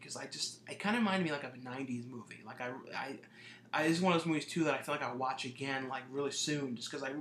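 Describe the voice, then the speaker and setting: Casual male vlogger, bright tone, rambly filler-heavy delivery, roomy echo. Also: medium pitch, slight background noise. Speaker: movie collection vlogger. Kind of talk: casual review monologue.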